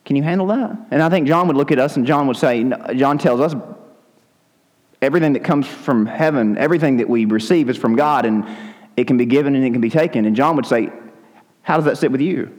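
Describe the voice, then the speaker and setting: A man's voice: mid-range voice, a little fast, darkish tone. A man preaching a sermon as pastor, conversational and with joking asides. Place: church sanctuary. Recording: long hall reverb.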